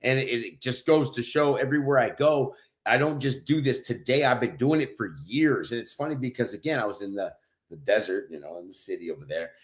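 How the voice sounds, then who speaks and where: A man co-hosting a podcast and telling stories in a loud, brash, profane way. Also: medium pitch, fairly quick. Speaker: podcast co-host. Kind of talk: casual chat, storytelling.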